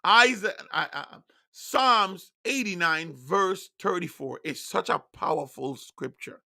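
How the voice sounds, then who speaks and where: A man whose first tongue is Patois preaches in a high, bright, gravelly voice. He is emphatic and insistent, and now and then rises to loud declarations. The delivery has a sharp, piercing edge. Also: slow pace. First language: Jamaican Patois. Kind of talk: online sermon broadcast.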